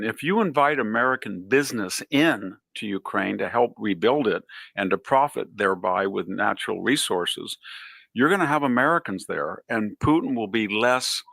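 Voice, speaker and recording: A man with a low, gravelly voice lays out his points one by one in a measured commentary. The recording is dry and close, with no room sound. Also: a bit bright, no echo. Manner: measured, explanatory, lists points. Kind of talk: political commentary.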